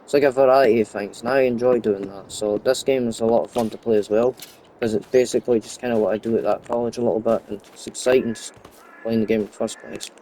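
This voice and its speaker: A young man chats his way through a farming game in a loose, rambling way, wandering off into side stories. His voice is mellow and relaxed. A faint hiss of noise sits under the recording. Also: mid-range voice, quick pace. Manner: rambling, chatty, goes off topic. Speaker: gaming YouTuber. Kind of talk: casual gameplay commentary.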